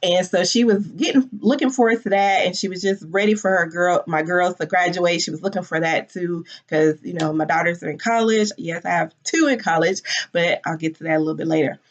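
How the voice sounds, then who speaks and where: A woman's voice: lowish voice, brisk. A woman in her forties telling a personal story candidly and emotionally, with casual swearing. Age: 40s. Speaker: business founder. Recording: dull lo-fi audio.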